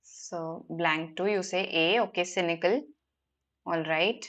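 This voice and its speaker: A woman's voice: fairly low pitch, fairly even intonation, takes it slowly, fairly bright tone. A woman with an Indian English accent teaching a live online vocabulary lesson, explaining patiently and often checking in with the class. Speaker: online exam prep teacher.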